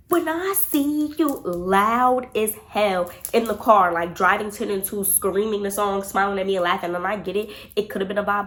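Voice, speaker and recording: A young woman vlogger telling a storytime, chatty and animated, talking straight to her viewers. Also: mid-range voice. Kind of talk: storytime vlog.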